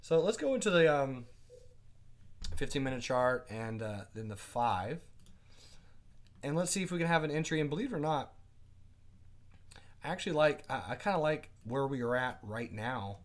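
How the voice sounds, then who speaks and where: A man teaching a live day trading class, chatting casually, asking his viewers quick questions and reading out their comments. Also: medium pitch, animated. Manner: asks quick questions to the audience.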